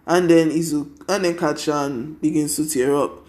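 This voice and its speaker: A man's voice: on the high side, steady tone, normal speed, few pauses, darkish tone. A tired young man casually narrating a fan story, rambling with constant 'and then' and 'he's like'.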